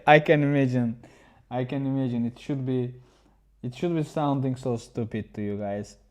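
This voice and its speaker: Halting male chess streamer. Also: mid-range voice, expressive, a little mellow. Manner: halting, with many restarts, chatting with viewers. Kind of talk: casual livestream chat.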